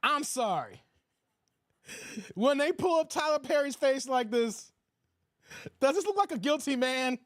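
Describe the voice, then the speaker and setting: A fairly high-pitched man hosts a casual live reaction stream, cracking jokes in an animated way and thanking viewers for their donations. The sound is dry and close to the mic. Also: a little slow, long pauses, no echo. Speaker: YouTube commentary host.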